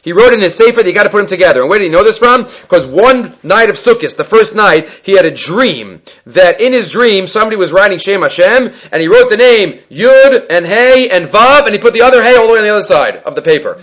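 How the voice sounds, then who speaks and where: Male Talmud teacher, high voice, brisk explainer who repeats key points. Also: lively intonation, a bit bright. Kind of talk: Talmud study class.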